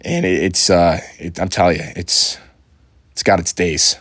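A young man with a fairly low voice talks through his week in an unscripted podcast ramble, cursing casually and stumbling through fillers and false starts. The sound is dry and close, with no room around him. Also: fairly even intonation, unhurried, fairly bright tone, breathy edge, no echo. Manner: loose and swearing, full of fillers and restarts. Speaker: podcast host.

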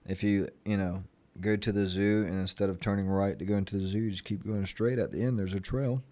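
A man's voice: lowish voice, steady tone, a little fast, darkish tone. A young man from Florida in a casual vlog chat, rambling and sarcastic, full of fillers. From Florida, United States. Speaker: vlogger.

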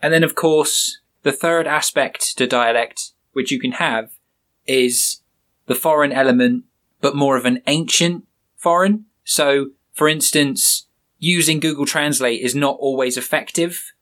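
A man's voice: medium pitch, measured pace, a bit bright. A man hosting a podcast, giving a loose, rambling talk on writing with many "sort of"s. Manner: chatty, rambling, hedges with "sort of". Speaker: podcast host and author. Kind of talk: informal talk on creative writing.

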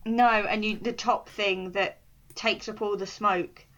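A young woman chatting casually on a podcast, animated and quick to laugh as she rants. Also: medium pitch. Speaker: podcast co-host. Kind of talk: casual chat.

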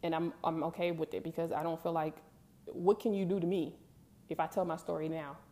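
A young woman talks straight to her viewers, candid and emphatic. Her voice sits a little low, with a warm, mellow tone. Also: level tone, brisk. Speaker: vlogger. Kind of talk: casual storytelling to camera.

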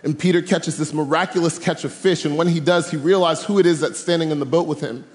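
High-voiced preacher in a reverberant hall. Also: male voice, fast. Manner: animated, humorous, slangy storytelling. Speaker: camp speaker. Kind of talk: youth sermon. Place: large room with live audience.

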